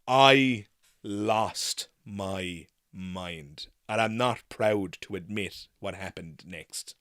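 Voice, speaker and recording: A man hosting a live Q&A, telling a story in an animated, frank way and swearing casually. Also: lowish voice, extremely slow, no echo, studio quality. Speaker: host.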